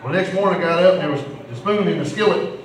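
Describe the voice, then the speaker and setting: Folksy comic in an echoey room. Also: male voice, high-pitched, quick pace. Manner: rambling, folksy storytelling with restarts. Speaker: stand-up comedian. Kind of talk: amateur stand-up comedy. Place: live comedy venue. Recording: echoey room, distant mic, noisy ambience.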